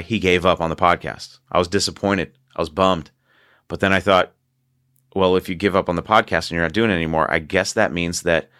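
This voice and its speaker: A man's voice: low-pitched, a bit bright, smooth, no room sound, studio quality. A man hosting a casual podcast, telling a long story in a rambling way and laughing often. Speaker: podcast host.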